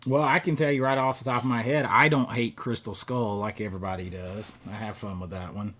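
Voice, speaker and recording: Bright-voiced chatty middle-aged man. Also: lowish voice, steady tone, fairly quick. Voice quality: rambling, restarts, chuckles often. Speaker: live stream host. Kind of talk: casual live chat, reading viewer comments.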